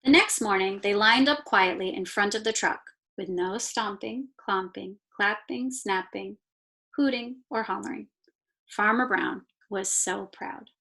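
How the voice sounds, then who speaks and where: A woman teacher reading a picture book aloud to her class, slow and expressive, stopping to point out the pictures. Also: mid-range voice, gravelly. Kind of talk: read-aloud storytime.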